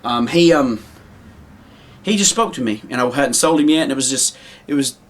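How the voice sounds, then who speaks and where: Man of middle pitch, casual rambling show-and-tell of his own puppets. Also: moderate pace. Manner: rambling, with many ums and restarts. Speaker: puppet maker.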